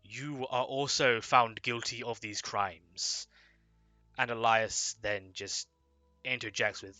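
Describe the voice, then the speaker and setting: Male game master, slow measured narration, bright dry voice. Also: mid-range voice, steady tone, dry recording.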